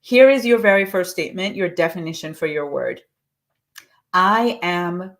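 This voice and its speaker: A woman leading a live online coaching session, encouraging listeners and reciting affirmations slowly and deliberately. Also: on the low side, a bit bright. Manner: encouraging, with frequent restarts.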